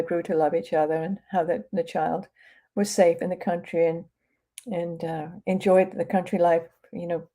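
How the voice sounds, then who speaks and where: A woman's voice: on the low side, mellow. A woman with an English accent talking casually as an author on a live stream, with many fillers and restarts. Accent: English, from near London. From England. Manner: conversational, with frequent fillers and restarts.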